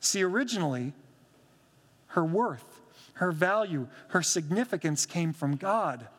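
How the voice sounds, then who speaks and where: A man's voice: high voice, animated, measured pace, fairly bright tone, in a large hall. A man, a pastor, giving a conversational sermon with humorous asides, reading scripture aloud.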